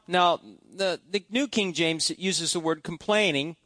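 A man's voice: a little high, a little slow, few pauses, a bit bright, no echo, clean studio sound. A man preaching a sermon in a church, talking in a conversational way and asking the congregation questions. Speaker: pastor.

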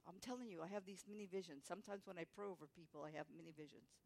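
A woman's voice: on the low side, rapid-fire, gravelly, a little mellow. A woman giving a personal testimony at a church service, telling her story and acting out the people she quotes. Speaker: guest speaker giving testimony.

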